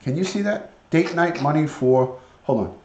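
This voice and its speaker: A man's voice: on the high side, lively intonation, moderate pace, a little mellow, highs cut off, a little hiss or hum. Chatty man live-streaming, echoey room. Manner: chatty, talks to viewers and coaxes his parrot. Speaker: live-stream host with a parrot. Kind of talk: casual live-stream chat.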